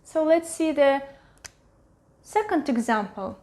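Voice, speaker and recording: Russian-accented woman tutor, unhurried and patient, a bit high-pitched. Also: animated. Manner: patient, repeats each word slowly three times. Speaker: language teacher. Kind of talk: pronunciation lesson.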